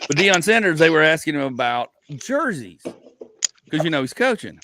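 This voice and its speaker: A man's voice: a little high, moderate pace, noisy background. A male comedian hosting a casual podcast, telling stories with lots of restarts and some swearing. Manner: animated storytelling, rambling with many restarts and swearing.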